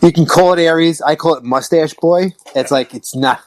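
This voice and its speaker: A man's voice: a little high, normal speed, no room sound. Joking podcast host man, dry sound. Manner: joking, swears freely. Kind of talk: casual chat.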